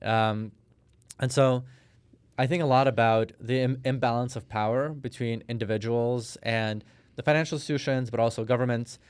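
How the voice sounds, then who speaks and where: A man's voice: medium pitch, steady tone, normal speed, clean tone, no echo. A man in his thirties from Russia, a podcast guest telling a personal story in a casual, hesitant way with frequent fillers and restarts. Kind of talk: conversational interview.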